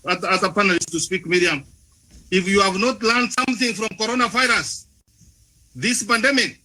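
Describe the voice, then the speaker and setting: A man's voice: sits high, bright, forceful tone, low-quality recording. A man speaking at a panel forum, making an impassioned speech full of rhetorical questions, often restarting his words and turning to the moderator by name. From Africa. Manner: frequent restarts and repeated words.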